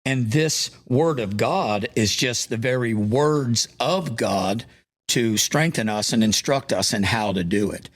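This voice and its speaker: A man's voice: mid-range voice, unhurried. A man in his sixties, a pastor, talking earnestly with a passionate, preacher-like emphasis. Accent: Eastern Shore American. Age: 60s. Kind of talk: conversational interview, preaching tone.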